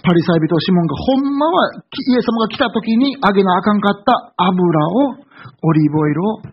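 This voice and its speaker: Kansai preacher guy, super fast and high, acts out all the quotes, dull lo-fi sound. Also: a little hiss or hum. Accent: Kansai Japanese. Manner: animated storytelling, acting out quoted speech. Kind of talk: sermon with interpreter.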